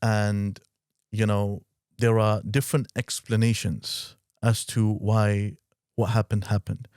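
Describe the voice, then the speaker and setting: Low-voiced male podcast host. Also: flat delivery, a little mellow, clean tone, no echo, clean studio sound. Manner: measured, emphatic, backchannels often. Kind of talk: podcast discussion.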